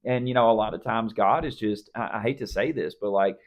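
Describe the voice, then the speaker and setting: A man with a very low, deep voice chats casually on a faith podcast. He tells his story in a loose, rambling way, circling back with fillers and restarts. The sound is a bit dull and lo-fi. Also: fairly quick. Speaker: podcast co-host.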